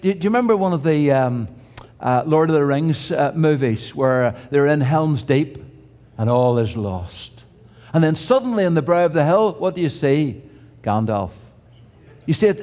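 A man's voice: a little high, darkish tone. An older man preaching a sermon in a conversational way, with restarts and humorous asides. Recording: reverberant hall.

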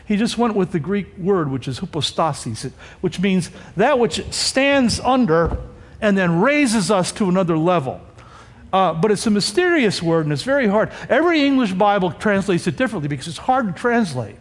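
Animated male preacher in a reverberant hall. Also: high voice, moderate pace. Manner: animated, conversational preaching with frequent rhetorical asides. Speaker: pastor. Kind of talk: sermon.

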